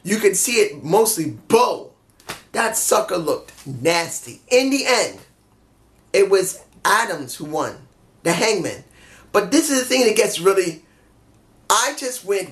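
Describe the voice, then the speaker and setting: A man casually reviewing a wrestling show, excitable, swearing freely and laughing often. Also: high voice, takes it slowly.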